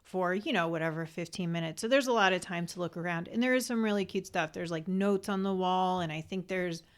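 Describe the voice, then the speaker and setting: A woman co-hosting a relaxed podcast conversation. She is eager and rambling, piling up little fillers and restarts, and her voice sits a touch low for a woman. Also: a little fast. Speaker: podcast co-host. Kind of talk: casual chat.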